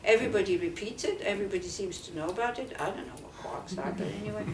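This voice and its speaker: Speaking rapid-fire in a medium-pitched voice, a nun leads a small group through a dharma talk in a teaching centre room, conversational, full of questions and many "you know"s. The recording has a little hiss or hum, echoes around the room, and places her far from the mic.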